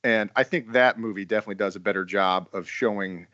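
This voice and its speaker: A man's voice: on the low side, fast talker, sharp tone, no echo, highs cut off. A man hosting a casual film discussion podcast and steering the talk. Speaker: podcast host.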